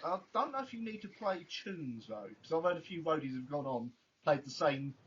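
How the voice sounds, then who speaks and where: A man's voice: animated, fairly quick. A man hosting a casual podcast, wry and teasing, often laughing. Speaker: podcast host. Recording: dull lo-fi audio with faint rumble.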